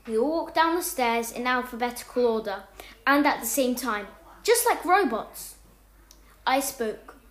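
A woman reading a homemade story aloud, animated, jumping up in pitch and loudness whenever a character speaks. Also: unhurried, echoey room.

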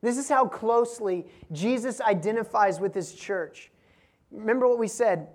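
Woman preaching with lively emphasis. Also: fairly high pitch, moderate pace. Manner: dynamic preaching with rhetorical questions and strong emphasis; laughs and asides to the congregation. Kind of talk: sermon.

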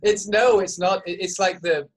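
A man's voice: high-pitched, steady tone, normal speed. A male podcast co-host with a mixed English and Canadian accent, who jokes at his own expense and stumbles over his first words, speaking into a studio microphone. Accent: mix of English and Canadian. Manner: joking, self-mocking, repeats words when starting. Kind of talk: casual chat.

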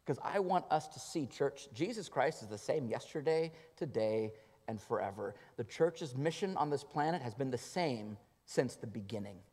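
A man preaching a sermon at a mid-range pitch. His delivery is earnest, rising to loud emphasis and then falling to quiet, hushed lines. The recording carries the long reverb of a church hall. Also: animated, normal speed. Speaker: pastor. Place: church sanctuary.

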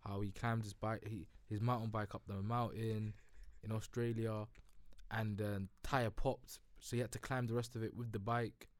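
A young man, telling a school story in a low-key, mumbled way. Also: little pitch movement, moderate pace, dry recording. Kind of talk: casual chat.

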